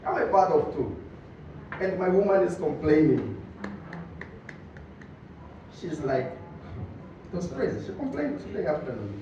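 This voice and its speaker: Lively high-voiced Tanzanian male comic. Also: measured pace, long pauses, background noise. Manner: animated storytelling, switching between English and Swahili. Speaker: stand-up comedian. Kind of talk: stand-up comedy routine. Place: comedy club stage. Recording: echoey distant muffled club recording.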